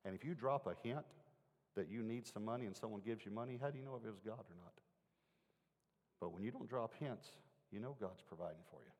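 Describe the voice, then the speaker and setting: A man with a fairly low voice preaches a sermon, telling a personal story in an earnest, chatty way. His words ring out with a long reverb, as in a large hall. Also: fairly quick, a little mellow. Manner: earnest, conversational, asks the audience questions.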